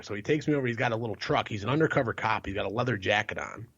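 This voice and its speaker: A man with a somewhat low voice tells a rambling, profane story in casual podcast chat, laughing in between lines. The sound is muffled and lo-fi, as if from a cheap setup. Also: racing, a bit bright, husky. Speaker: podcast co-host.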